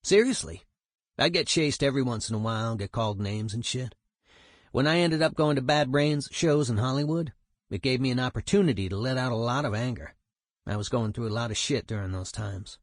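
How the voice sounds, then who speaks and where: A man's voice: medium pitch, brisk, no room sound, clean studio sound, lightly acted. A man voicing a streetwise male punk musician, telling a story in a profane, emphatic way. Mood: animated.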